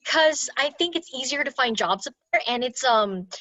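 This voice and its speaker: A young Californian woman teaches a casual online culture workshop over a video call, chatty and often laughing. Her high, expressive voice is sharp in tone at a normal pace, captured as dry, dull lo-fi call audio.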